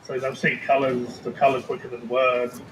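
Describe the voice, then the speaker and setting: A man's voice: mid-range voice, monotone, normal speed, crowd noise. A man chatting casually on a live stream about his food review videos, rambling and swearing freely. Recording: roomy space with faint ambient noise.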